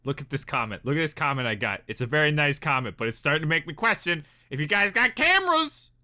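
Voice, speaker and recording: A young man chats through a reaction video with a bright, forceful tone. His pitch swings widely as he jumps from excited outbursts to quiet mumbling, and he often breaks into giggles. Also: fast talker. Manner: animated, giggly, jumps between loud bursts and mumbling. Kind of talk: casual reaction commentary.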